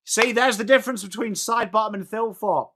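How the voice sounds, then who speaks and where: An English man hosting a fan watchalong, chatting through the match as live fan commentary and breaking into shouts at big plays. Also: high-pitched, a little fast, background noise. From England.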